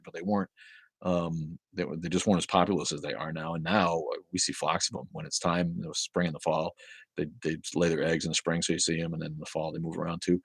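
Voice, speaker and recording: Man, middle-aged, low voice, rambling and cussing, casual livestream host, dry close sound. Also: a little mellow, no room sound. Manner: rambling, profane, chatty. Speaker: livestream host reading viewer chat.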